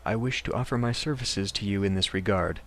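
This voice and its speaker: Guy reading out a smooth greedy fixer, all flattery, kinda low, hiss of noise behind. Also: a little fast, close to an everyday voice. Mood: flattering. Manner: ornate, flattering speech.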